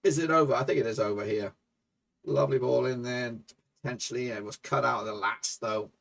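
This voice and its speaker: A man commentating his own football management game for viewers, excitable and swearing, shouting at goals. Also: mid-range voice, a little fast, creaky, far from the mic. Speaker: gaming YouTuber.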